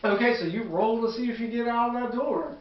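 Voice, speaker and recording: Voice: mid-range voice, brisk. Rambling, echoey tabletop game master. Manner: rambling improvised narration full of "like". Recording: echoey, distant, dull room recording.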